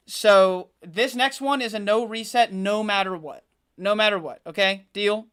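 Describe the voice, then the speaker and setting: A man's voice: high voice, moderate pace. A young man live-streaming a game from home, chatting with his viewers, laughing a lot and joking at his own expense. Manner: excitable, self-mocking, laughs often, talks to chat. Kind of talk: casual live-stream chat while gaming.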